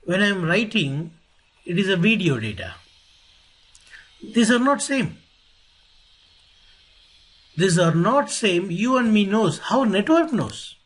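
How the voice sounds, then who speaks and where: A man teaching networking in an online lecture. He speaks deliberately, repeats key phrases and asks rhetorical questions. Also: high voice, very animated, slightly rough, rough recording. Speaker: networking instructor.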